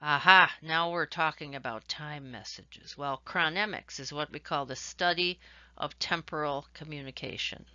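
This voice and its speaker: A woman's voice: low-pitched, normal speed, bright, forceful tone, no echo. Woman lecturing in a dry, dull recording. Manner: explanatory, demonstrating examples with varied emphasis. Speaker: instructor.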